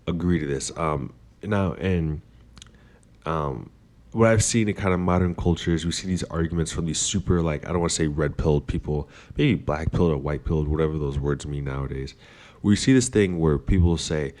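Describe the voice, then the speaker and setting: Very deep-voiced man musing rambly. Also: normal speed, a little mellow. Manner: rambling, many fillers and restarts. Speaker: podcast host. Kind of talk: casual philosophical monologue.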